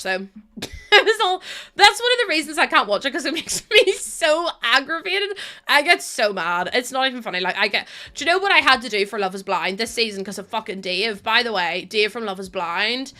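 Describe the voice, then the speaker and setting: A woman's voice: a little high, very animated, fairly quick, bright, forceful tone. A young woman chatting to her stream while playing, ranting animatedly and laughing often. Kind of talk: casual chat while playing a game.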